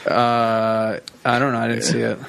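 A man's voice: mid-range voice, completely flat delivery, measured pace, creaky, a bit bright, slight background noise. A man co-hosting a casual comedy podcast, trading wry jokes. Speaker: podcast co-host.

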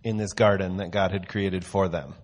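A man's voice: sits low, steady tone, normal speed. A man giving a casual, conversational sermon, telling a story before teaching. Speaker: church teacher.

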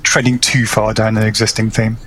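A man's voice: on the low side, level tone, a little fast, fairly bright tone. A man on a casual panel giving considered opinions on a story, with plenty of hesitations. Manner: considered, hesitant, many uhs and repeats.

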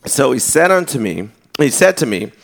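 A man's voice: medium pitch, very animated, moderate pace, gravelly, slight background noise. A man preaching a sermon earnestly, often restarting his phrases. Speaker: pastor.

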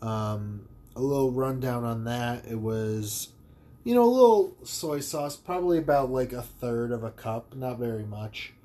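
A man chatting casually and easygoing about cooking, with relaxed slang. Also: medium pitch, a little slow. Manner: laid-back, easygoing slang. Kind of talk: casual chat.

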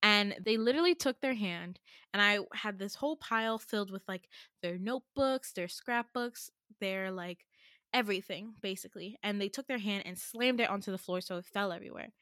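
A young woman recounts a personal story on her podcast in a loose, chatty way, scattering "like" through her lines and leaning hard on her points. Her voice sits at a middling pitch. The sound is dry and close, with no room around it. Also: moderate pace, fairly bright tone, no echo. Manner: chatty, heavy use of "like", emphatic and indignant. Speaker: podcast host. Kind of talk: casual storytelling.

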